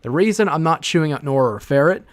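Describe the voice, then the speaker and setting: A man's voice: a little high, lively intonation, fast. Profane man ranting on a livestream. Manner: casual, profane, sarcastic asides. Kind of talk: livestream rant, reading messages aloud.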